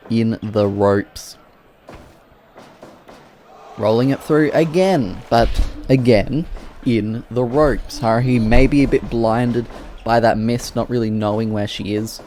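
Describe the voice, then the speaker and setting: A man giving play-by-play commentary on wrestling matches, excitable and breaking into loud exclamations. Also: mid-range voice, unhurried, faint music behind.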